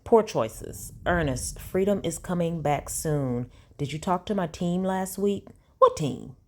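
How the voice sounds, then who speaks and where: A woman's voice: lowish voice, expressive, a little slow. A woman reads text messages aloud and breaks in with sassy, incredulous asides as a commentary vlogger.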